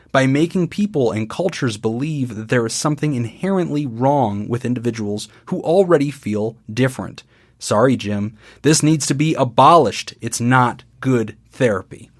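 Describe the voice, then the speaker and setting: Middle-aged guy hosting a therapy podcast, jokey, lively pitch all over. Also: normal speed. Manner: animated, jokey, reads listener reviews. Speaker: podcast host and counselor. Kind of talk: casual podcast chat.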